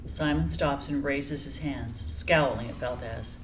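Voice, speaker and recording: A woman narrating the action lines of a screenplay reading in an even, descriptive way. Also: rumbling low, unhurried, noisy background.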